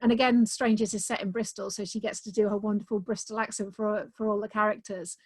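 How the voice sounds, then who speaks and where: A woman's voice: mid-range voice, steady tone, quick pace, breathy edge, dry recording. A woman author talking enthusiastically about her books in a casual video-call interview, with many "um"s. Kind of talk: casual conversation.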